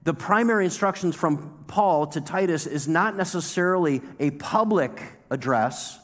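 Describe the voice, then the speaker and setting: Male pastor, conversational sermon delivery, emphatic repeats, slightly high voice, long hall reverb. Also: lively intonation, normal speed. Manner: conversational preaching, emphatic repetition.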